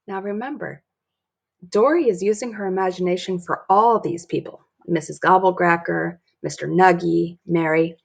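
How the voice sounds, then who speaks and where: A woman's voice: lowish voice, moderate pace, gravelly. A woman reading a children's book aloud and adding chatty explanations. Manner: chatty asides with soft laughs. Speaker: storybook reader.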